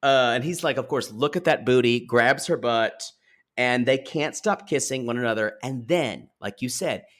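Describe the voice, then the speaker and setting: A man's voice: mid-range voice, normal speed, a bit bright. A man co-hosting a podcast, casually retelling a reality show scene by scene and acting out the quotes. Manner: chatty storyteller, acts out quotes, many fillers. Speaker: podcast co-host.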